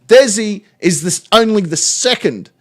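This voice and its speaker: A man's voice: high-pitched, animated, unhurried, a bit bright. A man with an Australian accent, hosting a channel and reacting to social media posts in a sweary, sarcastic way. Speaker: channel host.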